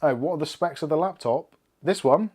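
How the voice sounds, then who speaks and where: A man's voice: fairly high pitch, a little fast, darkish tone, breathy edge. A man with a Bristol accent hosting a casual tech livestream from his desk, joking and swearing freely as he chats. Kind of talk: casual live-stream chat. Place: indoors at a desk with laptop and cameras.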